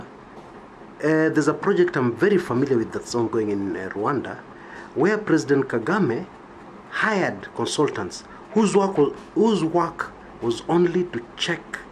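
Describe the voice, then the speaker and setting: A man's voice: a little high, slight background noise. A Kenyan man giving an emphatic political monologue, checking in with his listeners with "yeah?" after his points. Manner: emphatic, rhetorical, keeps asking "yeah?". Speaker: political commentator. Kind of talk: opinionated monologue.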